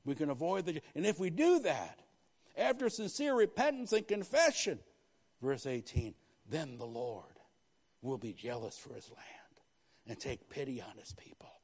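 Guy preaching in church, gets loud then drops way quiet, repeats lines like prayers. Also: a little high, big pitch swings, normal speed, husky. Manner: swings from loud preaching to hushed, quiet confession; talks in quoted prayers and repeats phrases. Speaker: pastor. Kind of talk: sermon.

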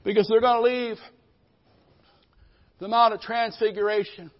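A man's voice: sits high, fairly even intonation, normal speed. A man preaching a fervent live church sermon as pastor, often calling out for amens from the congregation. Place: church service. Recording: dull lo-fi live stream audio.

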